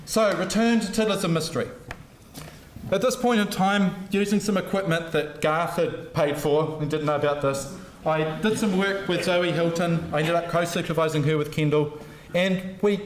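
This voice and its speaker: A middle-aged New man tells self-deprecating stories in a public lecture, his voice sitting a little high. The sound is roomy, with a faint hum of the hall behind him. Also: moderate pace. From New Zealand. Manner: anecdotal, joking, self-deprecating. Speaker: university lecturer giving an inaugural lecture.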